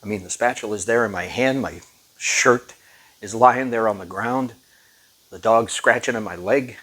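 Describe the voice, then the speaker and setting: A man performing a dramatic monologue, telling a story in a halting, subdued way. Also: fairly low pitch, a bit bright.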